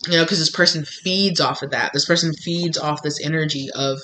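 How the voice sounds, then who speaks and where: Bright-voiced man giving an animated tarot reading. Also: a little high, fairly quick, slight background noise, low-quality recording. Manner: animated, acts out the people he describes. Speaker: tarot reader. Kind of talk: casual intuitive tarot reading to camera. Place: at home.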